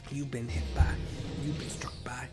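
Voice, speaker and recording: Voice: medium pitch, flat delivery, normal speed, loud music behind the voice. A gamer casually narrating a story game and describing what is on screen, with offhand, self-mocking asides.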